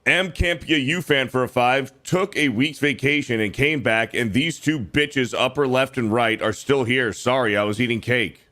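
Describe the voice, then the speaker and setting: Profane bright-voiced male co-host. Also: medium pitch, normal speed, hardly any pauses. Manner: crude, profane banter. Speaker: livestream co-host reading donations. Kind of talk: casual chat.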